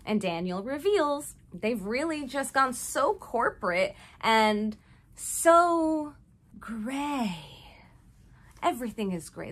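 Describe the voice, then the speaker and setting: A woman's voice: fairly high pitch, sing-song, takes it slowly, a bit bright. A woman casually recapping a movie, chatty and full of jokey asides.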